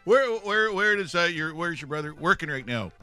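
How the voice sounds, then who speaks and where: A man's voice: a little high, expressive, moderate pace, bright, forceful tone, faint music behind, pitched above the performer's own voice. A man putting on a brash, ranting older hockey pundit who tags his lines with "eh" and won't be interrupted.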